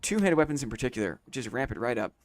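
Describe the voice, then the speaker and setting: A man's voice: medium pitch, very animated, quick pace. A man chatting casually on a late-night game live stream, thinking aloud and repeating phrases to himself.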